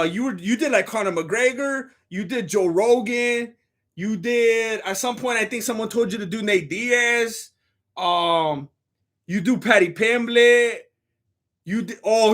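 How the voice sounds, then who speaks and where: A man with a noticeably high voice chats casually on a live stream. He rambles, restarts his thoughts and pokes fun at himself in an easygoing, unhurried way. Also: a bit bright. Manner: rambling, self-deprecating, laid-back.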